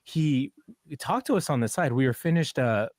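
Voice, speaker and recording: A man contributing from a studio, talking in a relaxed, hesitant way with many fillers. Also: medium pitch, normal speed, no room sound. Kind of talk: casual radio chat.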